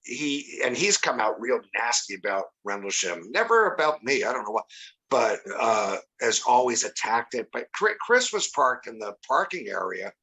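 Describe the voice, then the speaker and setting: Older male guest, sixties, bright tone, chatty and rambling with many restarts. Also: mid-range voice, very animated, normal speed, husky, poor audio. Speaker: podcast guest. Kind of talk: casual chat.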